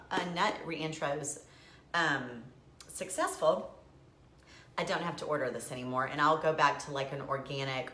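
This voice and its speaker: A chatty woman with a drawl talks casually to her live viewers, jumping between laughter and tears. Her voice is low-pitched yet bright and forceful. The sound bounces around an echoey room. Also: slight background noise. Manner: chatty, emotional, laughing and teary by turns. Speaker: live video host.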